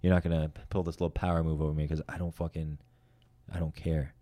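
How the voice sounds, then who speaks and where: A stand-up comedian telling a heated, profane story in casual chat. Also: male voice, extremely low pitch, little pitch movement, warm tone. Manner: fast, profane, heated retelling.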